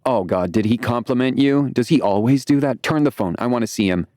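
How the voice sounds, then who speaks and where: A man voicing a flamboyant, excitable young man in his twenties who teases and gushes on a video call. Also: medium pitch, fairly quick, no room sound, clean studio sound, pitched above the performer's own voice, natural voice. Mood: gushing. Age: 20s. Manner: excitable, teasing, dramatic.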